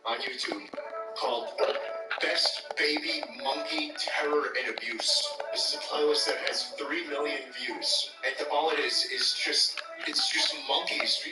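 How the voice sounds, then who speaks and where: A man giving crude, deadpan comedic commentary while playing games, recorded from a distance in a roomy space with loud music behind. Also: a little high, unhurried. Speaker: gaming video host. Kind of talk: joking gameplay commentary.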